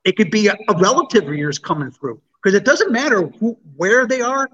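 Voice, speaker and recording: A high-voiced man chats casually about ghost hunting, often stumbling over the first words of a sentence. The recording sounds dull and lo-fi. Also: expressive, pushed and bright, breathy edge. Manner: halting, repeats words when starting. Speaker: paranormal investigator. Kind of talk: casual chat.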